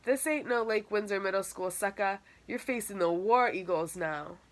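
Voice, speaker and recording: A woman's voice: medium pitch, moderate pace, fairly bright tone, close to an everyday voice. A woman voicing a cocky teenage boy soccer star in an audiobook, speaking in swaggering, mocking street talk. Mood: taunting. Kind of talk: audiobook character voice.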